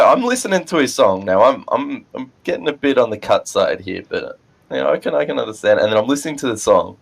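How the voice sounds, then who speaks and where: A man's voice: lowish voice, creaky. A man playing a tabletop game, thinking aloud hesitantly about his character's moves. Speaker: player. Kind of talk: casual tabletop play.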